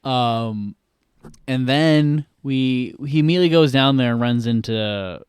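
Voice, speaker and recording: A man's voice: mid-range voice, clear, resonant tone, dry recording, studio quality. A man co-hosting a podcast, recapping a film scene in casual chat and acting out the characters' lines as he goes. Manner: animated retelling, acting out lines in quick voices. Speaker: podcast co-host.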